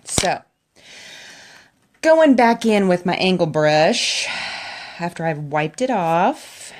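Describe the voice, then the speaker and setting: A middle-aged woman chatting emotionally to her camera while doing her makeup, laughing often. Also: deep voice. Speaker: makeup vlogger. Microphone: camera in front of her.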